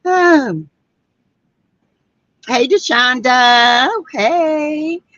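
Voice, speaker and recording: A woman's voice: high voice, expressive, extremely slow, fairly bright tone, no room sound, muffled recording. A woman with a Southern US accent from South Carolina, hosting a casual livestream and greeting viewers by name in a chatty way. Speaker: livestream host. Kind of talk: casual livestream chat reading viewer comments.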